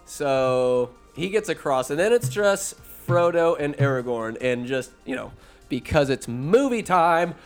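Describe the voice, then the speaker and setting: Man with a slightly high voice, casual, rambling, foul-mouthed comic film recap over faint music. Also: expressive, a little slow. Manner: profane, rambling, sarcastic asides. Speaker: movie recap vlogger. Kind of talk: casual comedic movie recap.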